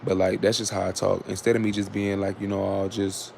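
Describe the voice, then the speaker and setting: Gravelly-voiced man rambling on a livestream. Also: deep voice, level tone, fairly quick, slight background noise. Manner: candid, rambling, sarcastic, with repeated fillers and restarts; switches to loud scolding of commenters. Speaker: livestream host. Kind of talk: casual livestream talk to chat.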